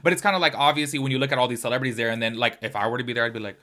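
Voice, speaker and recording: A commentary YouTuber talks casually to camera, rambling and chatty with plenty of fillers like "like" and "do you know what I mean." His mid-range voice is rapid-fire, pushed and bright, with fairly even intonation.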